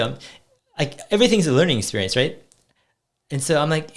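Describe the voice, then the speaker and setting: A man's voice: on the high side, fairly quick, long pauses. A middle-aged man talking casually about parenting in a rambling way, often restarting words and acting out his kids' lines. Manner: rambling, repeats words, quotes his kids in lively voices. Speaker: host.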